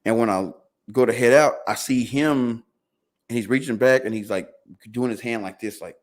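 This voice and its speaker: A man's voice: medium pitch, normal speed. A man guest on a podcast telling a long story in loose casual speech, acting out what his family said. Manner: animated, acts out quotes of family.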